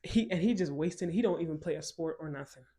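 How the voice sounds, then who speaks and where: A woman in her twenties from West Africa, telling a personal story to her viewers in a chatty, animated way, laughing often and going off on asides. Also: deep voice, fast talker, husky. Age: 20s. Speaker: storytime vlogger. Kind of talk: casual storytelling to camera.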